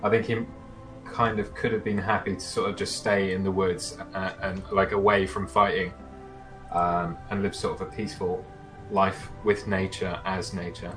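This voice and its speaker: Hesitant low-voiced man, casual. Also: flat delivery, moderate pace, a bit bright, faint music behind. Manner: hesitant, many fillers and restarts. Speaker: player. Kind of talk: casual chat describing his character.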